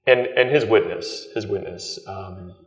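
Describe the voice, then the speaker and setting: A man in his thirties, a Jesuit guest, telling his story in a halting, reflective way full of ums and repeated words. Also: fairly low pitch. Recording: echoey room with long reverb.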